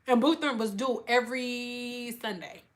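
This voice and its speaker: A woman's voice: on the high side, a little slow. A woman hairstylist chatting on a live stream, speaking bluntly and emphatically and acting out her customers' lines in an exaggerated voice. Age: adult with school-age children. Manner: acts out quoted customers in an exaggerated voice. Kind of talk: casual live-stream chat.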